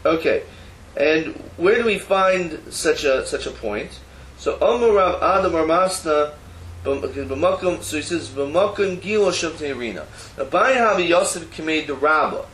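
A man gives a Talmud lesson in a somewhat high voice. He explains the text line by line, slipping Hebrew terms in among casual everyday asides. The room is echoey and there is a faint hum of noise behind him. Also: lively intonation, a little slow, fairly bright tone. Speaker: Torah teacher. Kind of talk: Talmud class lecture. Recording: roomy echo, faint background noise.

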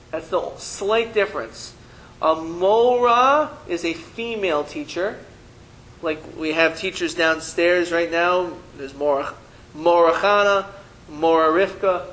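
A man's voice: sits high, a bit bright, low-quality recording. A man teaching a Hebrew reading lesson to a class, patiently sounding out syllables and teasing his students playfully.

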